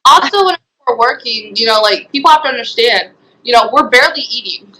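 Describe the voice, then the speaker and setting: A young woman speaks in a bright, slightly high voice. She recounts her experiences in an interview. She talks hesitantly, full of ums and likes. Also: animated, a little fast, poor audio. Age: young adult. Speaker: guest, former resident. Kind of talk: interview testimony.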